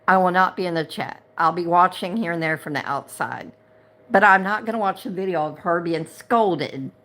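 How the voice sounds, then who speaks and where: A woman's voice: medium pitch, a bit bright. A middle-aged woman, hosting a casual livestream chat, talking in a chatty, indignant way and repeating herself when worked up. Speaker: livestream host and chat moderator.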